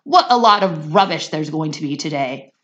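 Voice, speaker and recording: A woman's voice: deep voice, expressive, normal speed, fairly bright tone, muffled recording. A woman voicing a pompous, indignant wealthy father who blusters. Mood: blustering. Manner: blustering, huffy.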